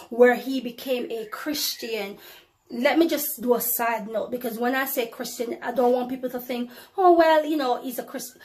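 A woman tells of a vision as a preacher, talking straight to her viewers. Her storytelling swings between emphatic, louder phrases and quiet asides. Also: on the high side. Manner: addresses viewers as brothers and sisters, ladies and gentlemen; storytelling with emphatic rises and drops in loudness. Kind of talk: testimony to viewers.

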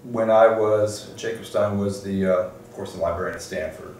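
A man's voice: fairly low pitch, steady tone, moderate pace, a little mellow. An older man from Detroit, a law librarian, telling stories from his career in an oral history interview, restarting often as he thinks. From Detroit, USA. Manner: reflective storytelling, frequent restarts and "um"s. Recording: echoey room, distant mic, faint noise.

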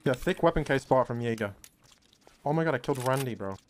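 Excitable, swearing male game streamer. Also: medium pitch, quick pace, a little hiss or hum. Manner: excitable, swears a lot, calls everyone bro. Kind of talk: casual live-stream commentary.

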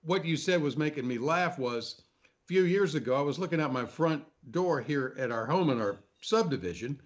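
An older man in relaxed conversation, telling a funny story and acting out voices along the way. His voice sits a little higher than usual for a man. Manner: animated anecdote teller, acts out quoted voices. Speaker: panel guest. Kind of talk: casual storytelling chat.

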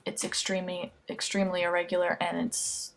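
A woman's voice: on the low side, monotone, fairly quick, gravelly. A teenage girl giving a casual homemade Spanish grammar lesson, chatty and jokey, often sidetracked, speaking close to her computer mic. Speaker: amateur Spanish tutor. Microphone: computer webcam mic close up.

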